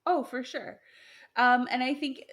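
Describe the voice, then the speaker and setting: A woman's voice: sits high, fairly even intonation, unhurried, fairly bright tone. A woman co-hosting a podcast, chatting casually about old stories, with lots of fillers, restarts and laughter. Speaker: podcast co-host sharing myths. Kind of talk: casual conversational chat.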